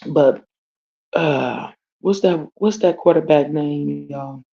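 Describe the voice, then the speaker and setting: Low and slow with plenty of vocal fry, this Detroit woman hosts a livestream from home and tells a casual story. She's blunt, swears freely, leans on slang, and keeps calling out to her viewers over dull lo-fi stream audio.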